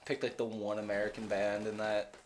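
A man's voice: on the low side, a little fast, slight background noise. A young man co-hosting a podcast, chatting casually and joking, swearing freely. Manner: joking, swears freely, deadpan mock conspiracy talk. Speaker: podcast co-host. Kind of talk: casual chat.

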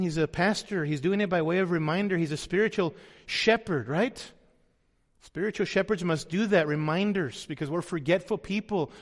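A man's voice: sits high, long reverb tail. A man preaching a sermon as pastor, earnest, sometimes voicing the people he quotes.

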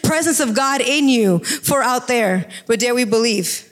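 A woman giving an informal sermon with a personal testimony, talking in an excitable, emphatic, chatty way. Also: a little high, a little slow. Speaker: devotional speaker.

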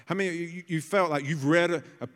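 A man in his thirties preaching a sermon as a pastor, telling family stories and building to bursts of excitement. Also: fairly high pitch, quick pace, in a large hall.

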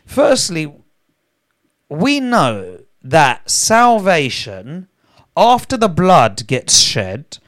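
A man preaching on a live broadcast speaks on the high side, with wildly swooping pitch, drawn-out words and a slightly bright tone. He reads scripture aloud, builds to emphasis, and prays in tongues.

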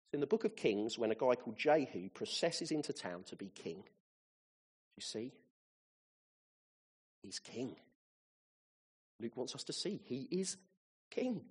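Guy preaching, husky voice, pitch swings all over, gets really fired up. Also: measured pace, pauses often. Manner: animated, rising to excited peaks. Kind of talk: sermon.

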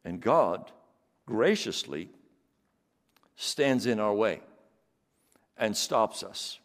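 A man's voice: lowish voice, lively intonation, drawn-out words, in a large hall. A male pastor preaching a sermon, building emphasis through repeated phrases.

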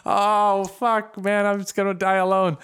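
A young man with a slightly high voice tells a long, rambling story to his podcast co-host. He slips in and out of the voices of the people in it. His delivery stays animated and casual. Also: a little slow, clean tone.

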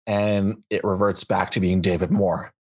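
A man running a tabletop horror game as game master, narrating in a measured way. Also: deep voice, level tone, a little mellow, breathy edge.

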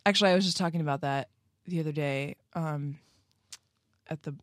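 A man from Cleveland co-hosting a podcast, playful and quick to jump into silly character voices. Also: fairly high pitch, dry recording, studio quality. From Cleveland, Ohio. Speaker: podcast co-host. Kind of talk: casual chat.

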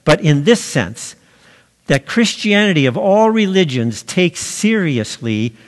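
Slow, deliberate preacher in a reverberant hall. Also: male voice, on the high side. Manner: slow, deliberate preaching with emphatic pauses on key words. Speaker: pastor. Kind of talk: sermon.

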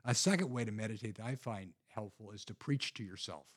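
A man's voice: fairly low pitch, fairly quick. A man talking through practical faith habits in an earnest, conversational way, often restarting and repeating words. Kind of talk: casual conversational teaching.

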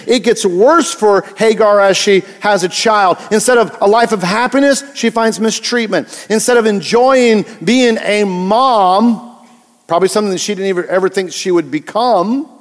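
A man's voice: sits high, big-room sound. A man preaching a sermon in a casual, conversational way, stressing and repeating key words. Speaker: pastor.

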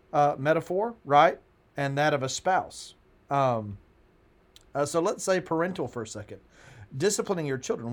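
A man co-hosting a religious podcast who talks thoughtfully and tells stories, pausing often with fillers like "uh" and "um". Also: medium pitch. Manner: thoughtful, many fillers, storytelling. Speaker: podcast co-host. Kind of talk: casual religious podcast discussion.

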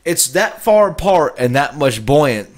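A man's voice: fairly high pitch, measured pace. A man from Florida co-hosting a casual podcast, telling a rowdy story full of swearing and constant "right?" check-ins. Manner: excitable, swears constantly, keeps saying "right?". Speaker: podcast co-host.

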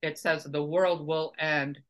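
Casting: male podcast guest, bright tense voice, emphatic and lecturing. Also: a little high, flat delivery, slow pace. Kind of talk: casual podcast chat.

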